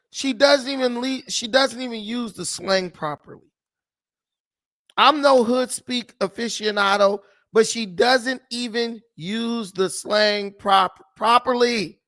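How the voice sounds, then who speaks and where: A man's voice: very high voice, takes it slowly, fairly bright tone. A man hosting a political commentary vlog, talking in mocking, scornful asides. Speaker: commentary host.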